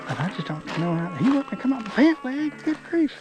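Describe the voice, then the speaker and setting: A man's voice: very high voice, very animated, brisk, over music. A man giving casual outdoor fishing commentary by a creek, folksy and talking to the fish. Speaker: fishing vlogger.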